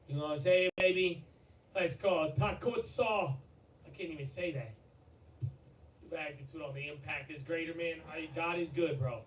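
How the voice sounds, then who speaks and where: A man hosting a livestream, excitable and swearing, with a strained, fading voice and sudden shouts and laughter. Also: fairly high pitch, recorded from a distance. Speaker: livestream host. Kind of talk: hyped livestream chat. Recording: echoey, off-mic, with loud background noise.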